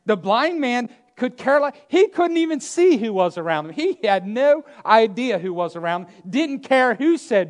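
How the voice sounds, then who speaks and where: A man preaching a sermon, emphatic and repetitive, swinging between loud declarations and hushed asides. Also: extremely high pitch, sing-song, normal speed, hardly any pauses.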